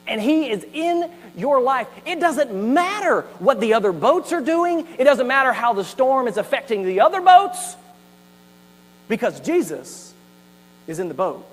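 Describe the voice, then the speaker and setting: Speaking a little slowly, a pastor with an extremely high voice and big pitch swings delivers a sermon, telling the story with animation and side comments. The church sanctuary adds hall reverb, and a faint mains hum runs underneath.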